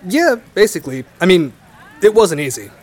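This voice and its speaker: A man's voice: sits high, big pitch swings, moderate pace, slightly rough. A young man speaking in reflective conversation, thoughtful and a little hesitant. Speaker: storyteller guest.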